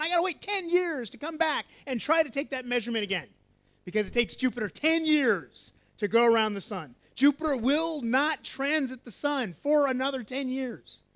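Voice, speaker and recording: A man's voice: very high voice, a little fast. A man giving an interactive astronomy lecture to a live festival audience, coaxing volunteers and quizzing the crowd. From USA. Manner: lively, coaxing, asks the audience questions.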